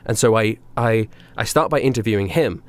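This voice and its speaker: A man's voice: on the low side, fairly quick. A young man co-hosting a podcast, telling a story casually with frequent laughs and fillers. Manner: animated, laughs often, filler-heavy. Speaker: podcast co-host.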